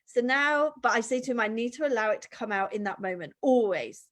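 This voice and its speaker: A woman chatting as a guest, animated and acting out the voices of people she quotes. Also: on the high side, a little fast. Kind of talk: casual conversation.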